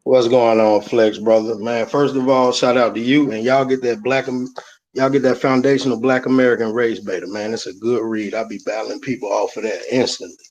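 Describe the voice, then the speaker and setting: A man calling in loudly and enthusiastically over a dull lo-fi line. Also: mid-range voice, fairly even intonation, brisk. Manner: loud, enthusiastic. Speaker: caller.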